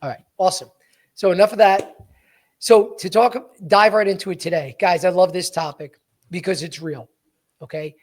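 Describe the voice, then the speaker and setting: A man's voice: high voice, fairly even intonation, moderate pace. A man hosting a podcast as a sales coach, talking bluntly to his listeners and calling them guys. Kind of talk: energetic coaching talk.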